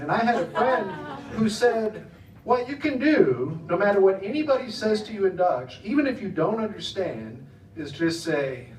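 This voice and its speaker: American man doing rambling stand-up. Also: high-pitched. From United States. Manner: rambling, chatty, laughs at his own jokes. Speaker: stand-up comedian. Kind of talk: stand-up comedy set. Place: comedy club stage in the Netherlands. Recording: echoey room from some distance, faint noise.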